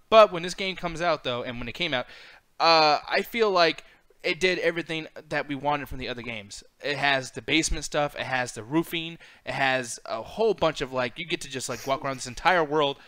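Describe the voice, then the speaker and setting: A man hosting a casual chat about video games, excitable and rambling, swearing freely as he argues his picks. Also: mid-range voice, a little fast.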